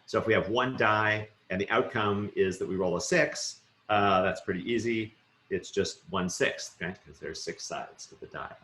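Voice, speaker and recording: A middle-aged man giving a recorded university lecture, talking quickly and casually with lots of fillers and rhetorical "right?" checks. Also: on the low side, sharp tone, echoey room, a little hiss or hum.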